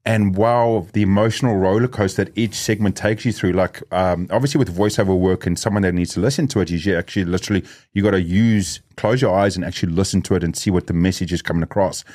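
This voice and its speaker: A man's voice: low-pitched, fast talker, hardly any pauses, darkish tone. A middle-aged man from Africa, hosting a podcast in a casual conversational way, thinking aloud with fillers and restarts. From South Africa. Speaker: podcast host.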